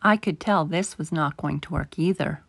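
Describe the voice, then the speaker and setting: A woman reading a children's picture book aloud as a storyteller, unhurried and gentle. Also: sits low, no room sound, clean studio sound.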